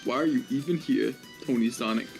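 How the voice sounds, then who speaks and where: A man's voice: mid-range voice, brisk, vocal fry, a little mellow, faint music behind, pitched below the performer's own voice, lightly acted. A man voicing a pompous male ghost hotel owner from a video game, scolding the players. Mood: pompous, irritated.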